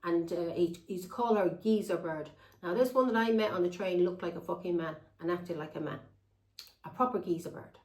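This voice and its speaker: A woman's voice: on the low side, fairly quick, darkish tone, roomy sound, rough recording. A woman telling a long, rambling personal story to her viewers. She talks bluntly and swears freely. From England. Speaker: tarot reader.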